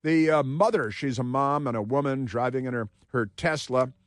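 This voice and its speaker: Talk radio host, male, mid-pitched, close dry studio sound, sarcastic and combative. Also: moderate pace, dry recording. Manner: combative, sarcastic, mocking asides. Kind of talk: opinionated talk radio monologue.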